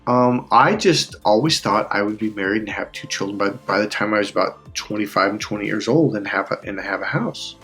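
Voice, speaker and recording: A man's voice: fairly low pitch, fairly quick, few pauses, fairly bright tone, faint music behind. A male life coach in a casual personal monologue, rambling with restarts and laughs, close to tears. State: on the verge of tears.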